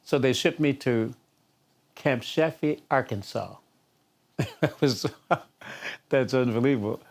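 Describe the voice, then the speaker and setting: An older singer from the Detroit area tells anecdotes in a storytelling interview, chuckling frequently. He speaks slowly in a mid-range voice.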